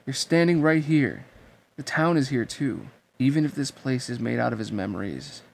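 A man's voice: medium pitch, moderate pace, vocal fry, slight background noise, lightly acted. Sora, read by a man as a bewildered teen hero. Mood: puzzled. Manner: puzzled, questioning. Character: earnest, bewildered teenage boy hero. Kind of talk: amateur audiobook reading.

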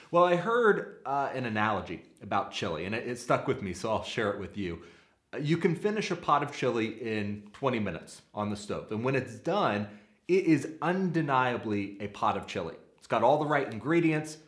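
A man's voice: mid-range voice, fairly bright tone. Earnest man teaching in an echoey room. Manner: earnest, practical, uses homely analogies. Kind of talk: sermon-style teaching.

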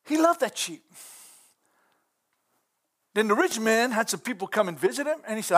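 A man preaching a sermon with passion, breaking into fervent exclamations and rising to shouts as he drives his points home. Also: sits high, animated, normal speed, long pauses.

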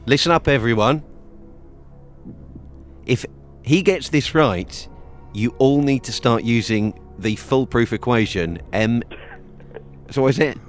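A man's voice: medium pitch, slow pace, long pauses, faint music behind. A man co-hosting a podcast, making wry, playful jokes in casual conversation. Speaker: podcast co-host.

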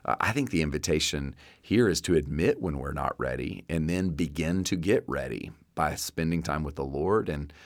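A very deep-voiced man with a drawl preaching a sermon. He speaks earnestly and conversationally and often restarts his phrases. The sound is dry and close, with no room echo. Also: lively intonation, moderate pace, hardly any pauses. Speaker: pastor.

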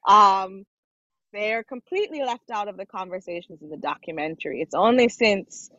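Woman from Jamaica, film representative, thoughtful with pauses; dull, dry recording. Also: mid-range voice, lively intonation, bright, forceful tone, no echo. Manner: thoughtful, with frequent "um" and "you know". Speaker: documentary film organization representative. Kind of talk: interview answers.

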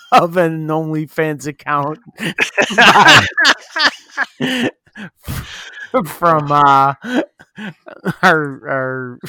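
A man co-hosting a casual podcast with a slightly high voice. He makes wry asides and chuckles along. The recording is dry and close. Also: expressive, very slow, pauses often, bright, forceful tone, smooth, dry recording. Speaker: podcast co-host.

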